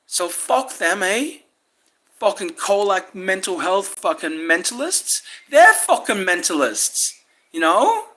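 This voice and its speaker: A woman's voice: mid-range voice, very animated, slow, a bit bright. A woman delivering a rambling, angry monologue, swearing nearly every sentence. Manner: swears constantly, rambling, frustrated. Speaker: vlogger.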